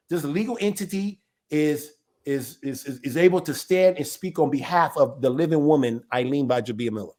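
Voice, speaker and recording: A man's voice: fairly high pitch, a little mellow. A man who leads a ministry, talking to his livestream viewers in an emphatic way, full of rhetorical questions and restarts. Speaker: ministry elder.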